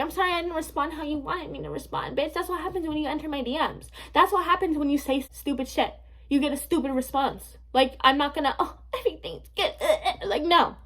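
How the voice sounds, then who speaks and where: A young woman tells a storytime on her vlog in a high, bright voice. She is sassy and blunt, swearing often and filling her talk with "like". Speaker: vlogger. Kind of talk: casual storytime rant.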